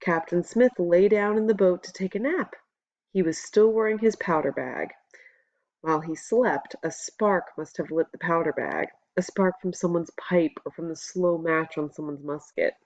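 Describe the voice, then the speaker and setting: A woman reading a novel aloud as a first-person audiobook narrator, in a steady, measured storytelling voice. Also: fairly low pitch, dry recording, lo-fi sound.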